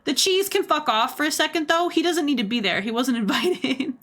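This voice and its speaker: A young adult woman giving casual livestream commentary, animated, laughing often and swearing freely. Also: sits high, brisk. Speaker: streamer.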